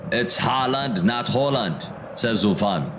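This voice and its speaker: With a mid-range voice and a measured pace, a man hosts a football watchalong stream over a noisy background. His laid-back, slangy manner includes "bro" as he reads viewers' comments aloud, responds, and reacts to match action. It's relaxed live commentary and chat reading.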